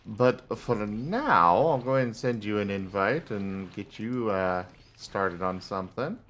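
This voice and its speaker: A man hosting a casual gameplay livestream, chatting and thanking viewers with frequent filler pauses. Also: fairly low pitch, a bit bright, a little hiss or hum. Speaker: livestream host.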